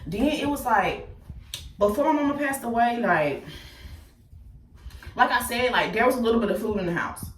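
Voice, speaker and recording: A woman bluntly telling her own life story to viewers, profane and animated, speaking straight to her audience. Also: a little high, normal speed, pauses often, far from the mic, slight background noise. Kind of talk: casual personal storytelling to viewers. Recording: echoey room with the voice off-mic.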